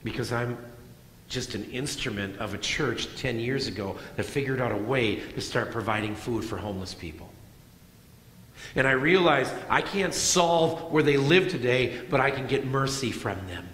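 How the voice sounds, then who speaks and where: A middle-aged man preaching a sermon as pastor, moving between loud emphatic lines and soft hushed ones. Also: medium pitch, lively intonation, moderate pace. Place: church sanctuary. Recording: echoey church hall.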